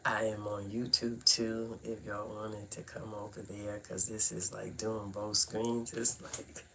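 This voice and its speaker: A woman's voice: rumbling low, flat delivery, measured pace, fairly bright tone, a little hiss or hum. Chatty Brooklyn woman hosting a livestream. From Brooklyn, New York. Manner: chatty, laughs often, playful asides to viewers. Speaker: livestream host teaching cardology. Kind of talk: casual livestream chat.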